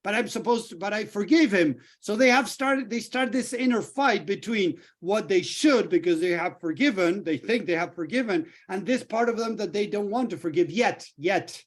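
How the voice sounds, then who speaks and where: A middle-aged man coaching a group in a lively way, acting out little dialogues as he explains. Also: high-pitched, normal speed, few pauses. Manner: animated, acts out little dialogues. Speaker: healing coach.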